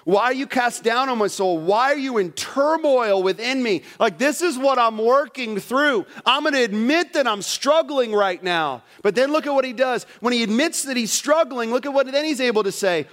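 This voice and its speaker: A middle-aged man preaching a sermon to a congregation, direct and animated, swinging between loud emphasis and quiet. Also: very high voice, moderate pace. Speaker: pastor. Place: church sanctuary before a congregation.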